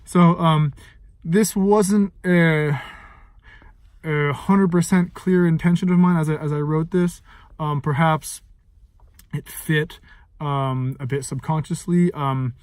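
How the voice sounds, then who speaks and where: A man's voice: on the high side, fairly even intonation, slow pace, darkish tone, no room sound. A man giving an informal lesson on setting text to music, thinking aloud with many fillers and singing short phrases to illustrate. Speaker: music teacher and composer.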